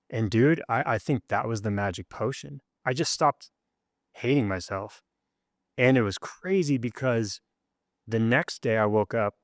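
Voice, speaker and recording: A man who is a guest on an interview show, telling a personal story in an earnest and animated way. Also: fairly low pitch, no room sound, clean studio sound.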